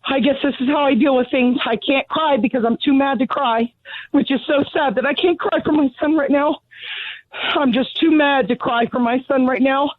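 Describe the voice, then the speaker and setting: A woman's voice: high-pitched, moderate pace, no echo. A middle-aged woman calling in, furious, blunt and sarcastic, out of breath as she speaks. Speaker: caller. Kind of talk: call-in radio rant. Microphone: telephone. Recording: tinny dry phone line.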